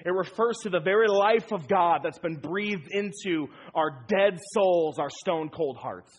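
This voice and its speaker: A man's voice: high voice, measured pace, husky, muffled recording. A man preaching a sermon as pastor, emphatic and repeating key phrases for weight.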